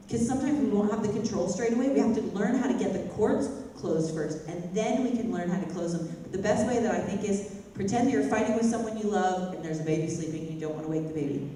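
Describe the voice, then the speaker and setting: A woman's voice: medium pitch, quick pace, mellow. A woman vocal coach teaching a worship singing class in a chatty way, breaking into sung phrases to demonstrate. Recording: echoey hall, mic from far off, faint noise.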